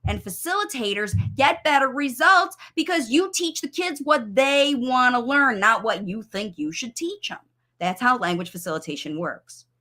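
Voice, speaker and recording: A woman speech-language pathologist coaching parents live, talking with eager, expressive energy. Her voice sits a little high and sounds crisp and bright. Her pitch swoops up and down as she stresses her points. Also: moderate pace. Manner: expressive, enthusiastic, explains with everyday examples.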